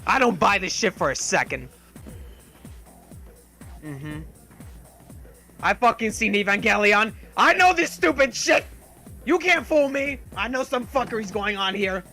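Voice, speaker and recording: Loud, excitable young man, high and bright. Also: a little slow, long pauses, soft background music. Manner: loud, excitable, heavy swearing, shouting. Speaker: friend reacting to a game. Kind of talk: excited gaming reaction.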